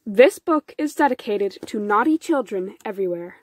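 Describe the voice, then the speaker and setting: A woman reading a folktale storybook aloud in an unhurried, soft storytelling manner. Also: mid-range voice, animated. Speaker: storybook reader. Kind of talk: children's storybook narration.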